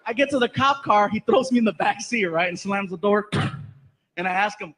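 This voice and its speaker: A man performing stand-up, telling an animated story and acting out the voices, on stage before a live audience. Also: sits high, brisk, poor audio. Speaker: stand-up comedian. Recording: live stage recording with background noise.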